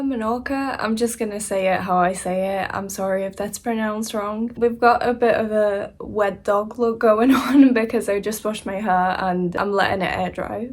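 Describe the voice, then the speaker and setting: Chatty young woman rambling through a storytime. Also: mid-range voice. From Hungary. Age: young adult. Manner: rambling, chatty, frequent fillers and soft laughs. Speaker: vlogger. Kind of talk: casual storytime vlog. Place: indoors at home, seated beside laptop.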